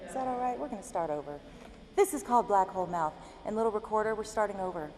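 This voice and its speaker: A woman's voice: mid-range voice, expressive, fast, a little mellow. A woman slam poet at a live spoken-word reading, chatting casually with the audience and reciting in driving, repeated lines. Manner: talks casually and jokingly with the audience between poems. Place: university event hall before a live audience. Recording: live hall recording with long reverb and faint room noise.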